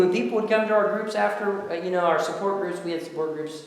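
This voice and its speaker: A man, a former jail minister, telling animated stories to an audience and acting out the people he quotes. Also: high voice, quick pace, few pauses. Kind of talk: storytelling talk to an audience. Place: church hall. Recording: echoey hall, from far off.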